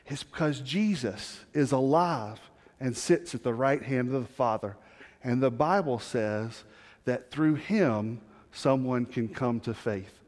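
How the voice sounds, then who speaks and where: A male pastor preaching a sermon, telling a story, sinking low and quiet for weight and rising for appeals. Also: takes it slowly. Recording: long hall reverb.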